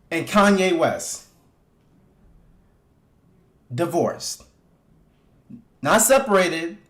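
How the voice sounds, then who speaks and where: A man hosting a casual livestream, talking loosely and profanely with his viewers and hyping them up. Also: high-pitched. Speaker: livestream host. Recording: echoey room.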